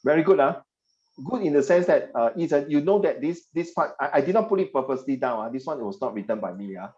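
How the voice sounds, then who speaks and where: Animated man teaching history online. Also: mid-range voice, quick pace, highs cut off. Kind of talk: online class lecture.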